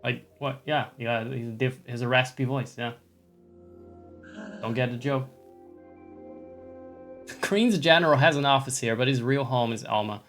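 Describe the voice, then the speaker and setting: A man's voice: medium pitch, unhurried, long pauses, a bit bright, faint music behind. Joking, profane male streamer. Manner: profane, joking, laughing asides. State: slightly strained throat. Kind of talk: casual let's-play commentary.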